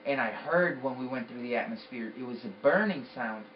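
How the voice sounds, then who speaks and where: A man's voice: medium pitch, lively intonation, brisk, distant mic, dull audio, background noise. A man giving an intense, emphatic personal testimony about a vision. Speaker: storyteller.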